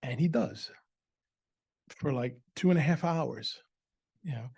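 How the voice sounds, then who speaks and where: A man's voice: a little high, sing-song, a little slow, long pauses, dark tone, slightly rough. A middle-aged adoptive father telling a personal story at a family event in a conversational way, with frequent fillers and repeated words.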